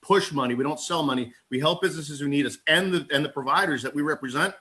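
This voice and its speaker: A man talking as a sales agent on a group call, excitable and rambling, quick to laugh and calling himself a goofball. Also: on the high side. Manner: self-described goofball. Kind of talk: casual call-in chat.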